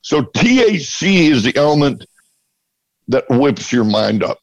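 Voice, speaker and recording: A man talking as a podcast guest in casual chat, animated and laughing often, acting out bits of dialogue. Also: mid-range voice, a little slow, no room sound, dull audio. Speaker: interview guest.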